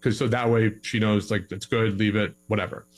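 A man's voice: lowish voice, fairly even intonation, fairly quick, poor audio. A young man giving relationship advice in a casual podcast conversation, acting out both sides of a couple's arguments in his stories.

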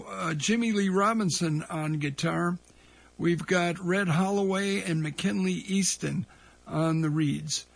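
A man with a somewhat high, gravelly and husky voice hosts a record show, reading off session players and song titles in a relaxed, unhurried way. He pauses now and then to collect himself between names. The sound is dry and close, with no room around it. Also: no room sound. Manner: relaxed, reads session credits with small pauses. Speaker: radio host. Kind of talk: casual record-show announcing.

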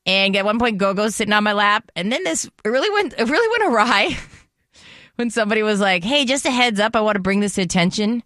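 In a radio studio with clean, echo-free, studio-quality sound, a woman with a medium-pitched voice talks fast. She co-hosts a radio show and tells a story in casual chat, animatedly acting out the other voices in it.

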